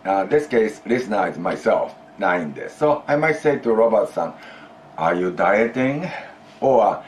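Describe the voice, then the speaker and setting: A man's voice: deep voice, big pitch swings, moderate pace, darkish tone, a little hiss or hum. A man teaching a Japanese grammar lesson in English, explaining patiently, repeating key phrases and prompting his student to answer.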